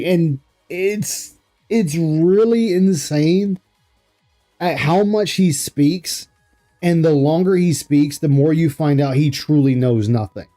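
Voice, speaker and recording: A man's voice: fairly high pitch, warm tone. A man hosting a livestream, reacting to an interview and greeting chat, rambling and incredulous with frequent laughs. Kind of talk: casual commentary reading chat.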